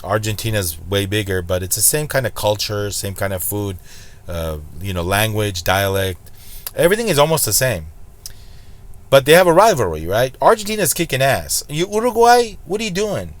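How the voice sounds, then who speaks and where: A man's voice: on the low side, animated, moderate pace. A man hosting a slots channel, talking in a blunt, preachy way and hammering points home by repeating them. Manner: blunt, preachy, emphatic repetition. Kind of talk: casual vlog commentary.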